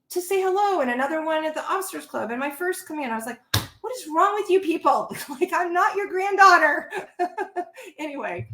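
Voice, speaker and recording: Middle-aged woman telling stories in a roomy space. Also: high-pitched. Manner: animated, laughs between stories. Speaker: Navy veteran guest. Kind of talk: conversational interview storytelling. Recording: roomy echo.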